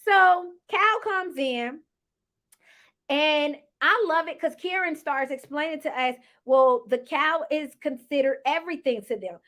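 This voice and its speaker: A woman's high, somewhat slow voice carries a casual recap of a reality TV episode. Sassy and talkative, she animatedly acts out the things cast members said.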